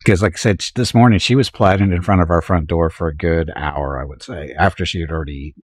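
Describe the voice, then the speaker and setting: A low-voiced man with a husky edge talks casually over a live game stream. He tells a rambling household anecdote and chuckles often before drifting back to muttering about his next moves. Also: quick pace, no room sound, studio quality. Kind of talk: casual gameplay chat.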